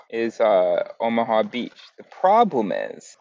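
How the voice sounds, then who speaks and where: Low, gravelly man rambling. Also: lively intonation, measured pace, a little mellow, muffled recording, a little hiss or hum. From United States. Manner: meandering, self-correcting. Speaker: vlogger. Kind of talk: casual rambling monologue.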